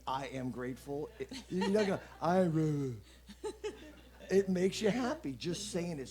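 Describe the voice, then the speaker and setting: A man giving an inspirational message at a church service, playful and animated, joking with the audience as he talks. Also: fairly high pitch. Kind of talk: lively spoken message.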